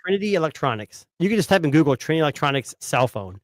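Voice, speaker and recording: A man in his thirties chatting casually about tech, his voice a bit high for a man. He rambles and leans on "like" and restarts as he talks. The sound is dry and close. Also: very animated, rapid-fire, no echo. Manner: rambling, filler-heavy storytelling.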